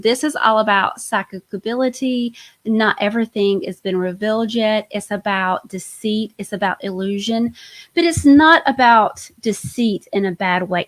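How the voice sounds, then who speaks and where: A woman hosting a live-stream tarot reading, chatty and enthusiastic, often trailing off and restarting her sentences. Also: medium pitch. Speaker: host, tarot reader.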